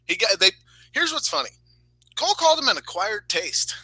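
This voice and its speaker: A man's voice: high-pitched, very animated, a little fast, pushed and bright, breathy edge, no echo, poor audio. A man co-hosting a podcast, crude and jokey, often breaking into big laughs. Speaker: podcast co-host. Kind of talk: casual podcast banter.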